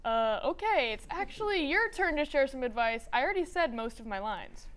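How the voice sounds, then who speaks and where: A woman's voice: sits high, very animated, normal speed, a bit bright. A young woman co-hosting a scripted student comedy show, playing the cheerful, bemused straight woman. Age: young adult. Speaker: co-host.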